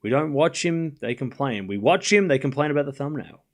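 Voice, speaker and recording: A man's voice: medium pitch, animated, a little fast, few pauses. A man hosting a live tennis watchalong stream, calling the score and chatting casually with his viewers between points. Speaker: livestream host.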